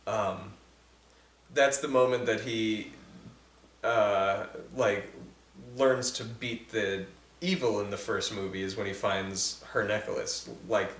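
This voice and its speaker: A man in a casual movie commentary chat, easygoing and quick to agree. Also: lowish voice, fairly bright tone, echoey room. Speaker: film commentator.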